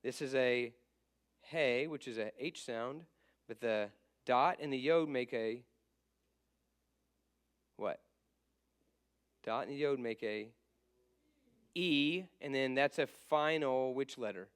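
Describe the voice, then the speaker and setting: A man's voice: mid-range voice, takes it slowly, long pauses, smooth. A man teaching a casual class. He asks questions and answers them himself, and he stops to fix his slips.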